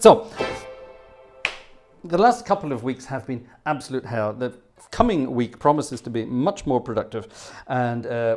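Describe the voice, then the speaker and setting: A man's voice: medium pitch, a little mellow. A man hosting a livestream, chatting casually in a rambling way and laughing often. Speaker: livestream host.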